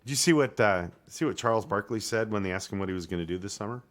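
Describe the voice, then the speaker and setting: A man co-hosting a casual sports talk podcast, talking in a halting way, full of "uh" and "I mean", and getting worked up over his opinions. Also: lowish voice. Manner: animated, halting, with many fillers and restarts. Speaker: podcast co-host.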